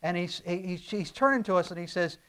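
A man's voice: sits high, brisk, bright, forceful tone, smooth. A man preaching a verse-by-verse sermon, earnest and teaching, pushing key phrases with emphatic rises and using frequent fillers. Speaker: pastor.

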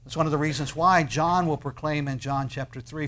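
A man preaching a sermon in an earnest way, with dramatic pauses and swells of emphasis on key words. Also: on the high side, fairly even intonation, a bit bright. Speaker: pastor.

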